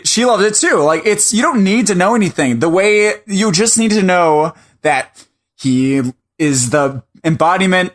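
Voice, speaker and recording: A man's voice: on the high side, a bit bright. A man co-hosting a comics podcast, chatting casually in an earnest, defensive way. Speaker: podcast co-host. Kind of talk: casual chat.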